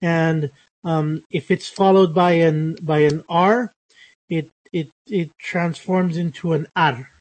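A man's voice: a little high, steady tone, slow pace. Hesitant male phonetics teacher. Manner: hesitant, many fillers and restarts. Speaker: pronunciation teacher. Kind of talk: live phonetics lesson.

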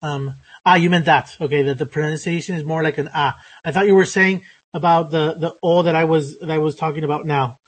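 A man's voice: on the high side, fairly even intonation, fairly quick. Hesitant male phonetics teacher. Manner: hesitant, many fillers and restarts. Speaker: pronunciation teacher. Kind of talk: live phonetics lesson.

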